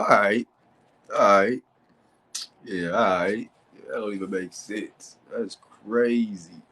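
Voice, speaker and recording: A man's voice: fairly low pitch, expressive, takes it slowly, fairly bright tone. A man hosting a casual debate stream, mocking his opponent and reading sources aloud with heavy emphasis.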